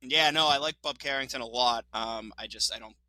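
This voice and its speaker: A man co-hosting a casual sports podcast, talking with fast, excited opinions, laughing often and swearing now and then. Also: medium pitch, no echo, rough recording. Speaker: podcast co-host.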